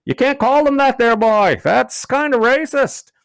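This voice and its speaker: A man voicing a loud, blunt drunk Newfoundland man who hollers across a bar, in a much higher voice than his own. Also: expressive, a little slow, vocal fry, clear, resonant tone, heavily acted. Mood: hollering.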